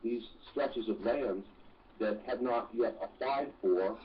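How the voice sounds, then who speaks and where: A man who is a guest on a talk radio show, explaining slowly and deliberately with pauses. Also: mid-range voice, slight background noise. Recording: distant, dull phone-in sound.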